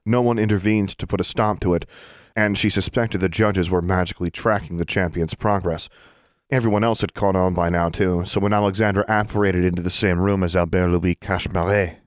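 In a steady, measured scripted narration, a low-pitched man reads an audiobook. The recording is studio quality, with no room sound.

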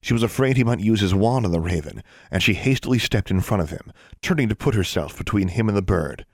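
A man narrates an audiobook in a steady, measured way, his voice sitting very low. The recording is dry and close, with no room sound. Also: no echo.

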